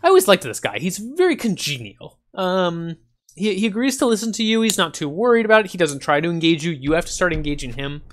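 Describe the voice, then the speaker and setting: A gaming channel host plays a strategy game and offers casual let's-play commentary, thinking aloud with frequent ums and small chuckles. His high voice is very animated and fast, with soft music in the background.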